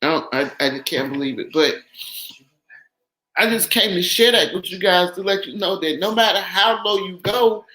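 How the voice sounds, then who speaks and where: Bright, emotional woman guest. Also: lowish voice, normal speed. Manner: emotional, overwhelmed, effusive. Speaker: livestream guest. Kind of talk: casual livestream chat. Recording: echoey room.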